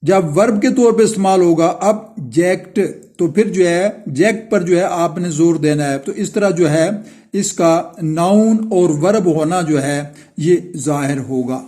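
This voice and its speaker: Pakistani male teacher, slow classroom dictation. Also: sits high, dark tone. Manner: reads each blank aloud, then repeats the full sentence. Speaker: school teacher.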